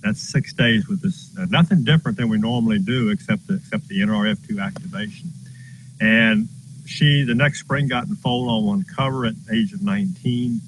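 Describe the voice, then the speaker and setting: Lower-voiced guy spinning an earnest farm yarn outside, noisy background. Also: moderate pace. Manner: earnest, folksy storyteller. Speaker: horse farm owner. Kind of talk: casual storytelling. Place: outdoors on a farm.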